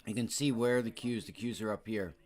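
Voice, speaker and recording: A man's voice: on the low side, steady tone, fairly quick, darkish tone. Loose, slangy man hosting market talk. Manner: loose, slangy, rambling with fillers. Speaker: stock trading livestream host. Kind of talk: casual live market commentary.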